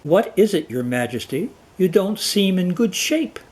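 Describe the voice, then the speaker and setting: A man's voice: high-pitched, sing-song, a little slow, a little mellow, voice pushed up. A man voicing a sly, overly polite male crocodile in a cartoon folktale. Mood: fawning.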